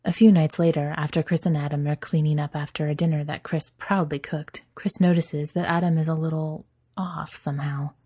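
A woman narrating a story aloud in a gentle, even storytelling manner. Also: low voice, a little fast, husky. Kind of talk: audiobook story reading.

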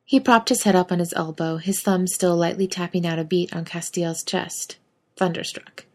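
A woman narrating a fan fiction audiobook, reading in an even, conversational way with casual swearing. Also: lowish voice, moderate pace.

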